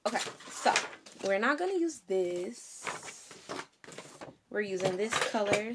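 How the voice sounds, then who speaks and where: Chatty, frustrated woman crafting at home. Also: mid-range voice. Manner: chatty, frustrated, talks to viewers as y'all. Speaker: vlogger. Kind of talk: casual craft tutorial chat. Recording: clear background noise with clicks.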